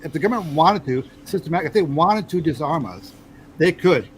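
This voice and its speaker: A fairly high-voiced American man hosts a casual political talk, stumbling through restarts and fillers as he argues his point. A faint hum of background noise sits under his voice. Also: lively intonation, fairly quick, low-quality recording. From United States. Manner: hesitant, many fillers and restarts, pushes back. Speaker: host.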